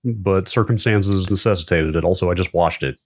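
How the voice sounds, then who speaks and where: A man's voice: low-pitched, fairly quick. A man co-hosting a podcast in casual chat, playful and teasing, with a sleepy early-morning voice. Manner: playful, teasing, laughs often. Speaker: podcast co-host.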